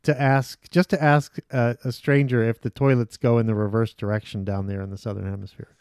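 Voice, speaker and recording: A man co-hosting a podcast in casual chat, chatty and rambling, quick to laugh. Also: medium pitch, little pitch movement, a little mellow, clear, resonant tone, dry recording, studio quality. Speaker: podcast co-host.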